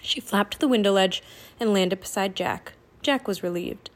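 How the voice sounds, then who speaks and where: A woman narrating a children's novel aloud in a steady, expressive storytelling manner. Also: medium pitch, moderate pace.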